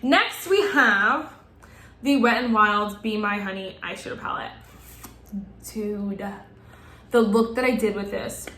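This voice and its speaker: A young woman gushing excitedly as she reviews makeup and talks straight to her viewers in a casual vlog. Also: mid-range voice, unhurried, long pauses. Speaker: beauty vlogger. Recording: echoey room.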